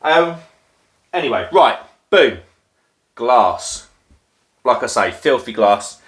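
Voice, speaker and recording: A man's voice: medium pitch, sing-song, takes it slowly, a bit bright. Rambling man making a drink. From Norfolk, England. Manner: rambling, self-deprecating, many filler ums. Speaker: craft beer video host. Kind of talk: casual chat while making a drink. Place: at home, crouched down. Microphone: phone.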